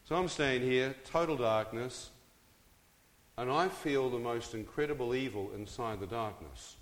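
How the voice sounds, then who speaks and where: A man giving a storytelling testimony to a live audience, drawing them in with questions and jokes. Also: medium pitch. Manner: engages the crowd with questions and jokes. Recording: hall with long reverb.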